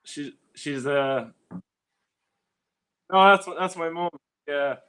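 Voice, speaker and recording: A man's voice: fairly high pitch, slow, fairly bright tone, clear, resonant tone. A man with a North County Dublin Irish accent, chatting casually as a guest over a video call. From Ireland. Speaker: guest on a livestream. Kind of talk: casual chat. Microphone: computer mic on a video call.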